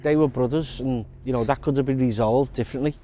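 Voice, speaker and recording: Male host, warm and mellow, asks probing follow-up questions, faint music under him. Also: medium pitch, fairly even intonation, fast talker. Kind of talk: conversational interview.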